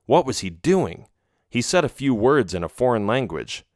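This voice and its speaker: A man reading a children's adventure audiobook in a steady, measured way. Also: medium pitch, no echo, clean studio sound. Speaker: audiobook narrator. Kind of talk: storybook narration.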